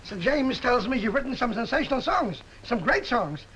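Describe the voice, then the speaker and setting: In a 1950s film comedy, an actor plays a brash, excitable music publisher with fast, slangy, theatrical sales patter. The voice is very high and heavily acted, and the rough recording has slight background noise.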